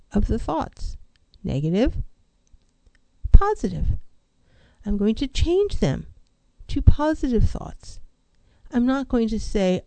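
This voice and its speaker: A woman's voice: fairly high pitch, dark tone, dry recording, poor audio. A woman counselor giving an emphatic motivational talk on mental health, asking rhetorical questions and repeating key phrases.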